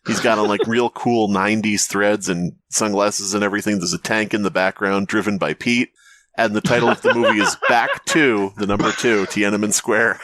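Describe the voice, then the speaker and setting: A man's voice: on the low side, steady tone, moderate pace, fairly bright tone. A man on a casual comedy podcast, riffing absurd stories and swearing freely. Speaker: podcast co-host.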